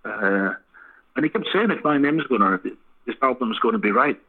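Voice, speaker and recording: Husky man on a phone line. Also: mid-range voice, lively intonation, moderate pace. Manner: swearing, laughing anecdotes. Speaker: band frontman guest. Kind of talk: casual storytelling interview.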